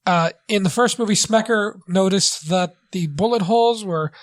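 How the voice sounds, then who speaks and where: Man, podcast co-host; casual, halting delivery full of fillers. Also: high voice. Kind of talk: casual movie review chat.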